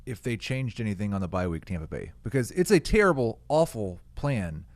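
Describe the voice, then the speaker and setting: Sex: man. Role: panelist. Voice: fairly low. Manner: blunt, opinionated. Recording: dry. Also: big pitch swings, brisk, no room sound. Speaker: sports analyst panelist. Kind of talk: casual sports chat.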